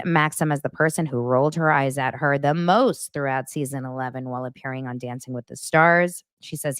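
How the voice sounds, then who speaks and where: A young adult woman hosting a casual celebrity gossip show, chatty and animated, jumping between stories with quick asides. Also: very deep voice, smooth, dry recording, studio quality. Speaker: host.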